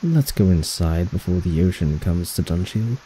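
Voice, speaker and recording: A man voicing a scheming young male heir who plots a murder, in a put-on British accent and with a cold, measured delivery. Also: low voice, lively intonation, warm tone, a little hiss or hum. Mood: dry. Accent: attempted British accent. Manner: cold, measured villain narration.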